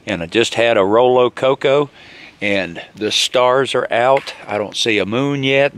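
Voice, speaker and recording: A man's voice: mid-range voice, a little slow, fairly bright tone. A man chatting cheerfully to the camera while camping in snowy woods. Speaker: outdoor vlogger. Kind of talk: casual narration to camera. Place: snowy woods campsite outdoors.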